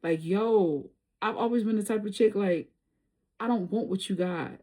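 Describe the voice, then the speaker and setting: A woman's voice: medium pitch, moderate pace, mellow. A woman doing a tarot reading, telling a personal story in casual, slangy speech and laughing often. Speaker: tarot reader.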